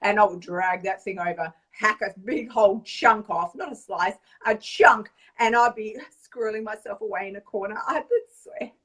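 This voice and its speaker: A woman weight-loss coach chatting through an animated, casual vlog monologue, often tagging lines with "right?". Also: medium pitch, moderate pace, few pauses, recorded from a distance. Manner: animated, chatty storyteller, tag questions.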